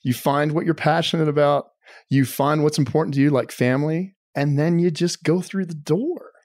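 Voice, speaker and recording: A man's voice: on the high side, normal speed, darkish tone, dry recording, clean studio sound. A man hosting a podcast, asking questions in an upbeat, joking and encouraging way. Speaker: podcast host. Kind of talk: casual podcast interview.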